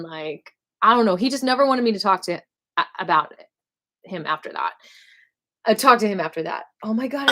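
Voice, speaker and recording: A woman singer telling rambling school stories on a casual live stream, animated and full of asides. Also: fairly high pitch. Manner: dramatic bursts when quoting herself.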